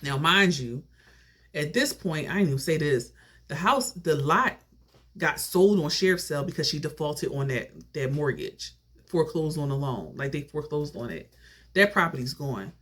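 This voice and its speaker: A young adult vlogger telling a family story in a casual, animated way. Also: mid-range voice, moderate pace. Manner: animated, conversational retelling.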